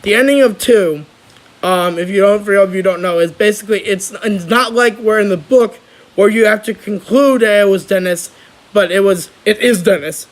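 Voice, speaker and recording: A young man chatting casually on his channel, rambling and excitable, with lots of restarts. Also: sits high, normal speed, rough recording. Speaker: vlogger. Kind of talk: casual chat.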